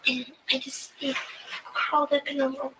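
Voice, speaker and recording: A young woman answering an investigator's questions in a recorded interview, soft and hesitant with many pauses. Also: high-pitched, completely flat delivery. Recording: distant mic with faint hiss.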